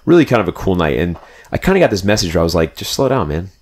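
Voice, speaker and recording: Fast-talking deep-voiced young man. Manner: rambling, animated, fillers like "like" and "dude". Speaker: podcast guest telling a road trip story. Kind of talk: casual storytelling chat.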